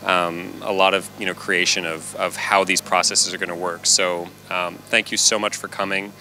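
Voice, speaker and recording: A man's voice: deep voice, flat delivery, moderate pace, pushed and bright, a little hiss or hum. A man hosting a conference workshop, upbeat and thankful, with some fillers. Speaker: session host.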